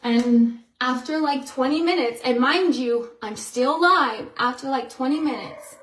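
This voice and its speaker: A woman talking casually to her viewers in a vlog, chatty and excitable, full of "you know" and "like". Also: sits high, unhurried, roomy sound, slight background noise, rough recording. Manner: excitable storyteller who acts out quotes. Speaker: vlogger.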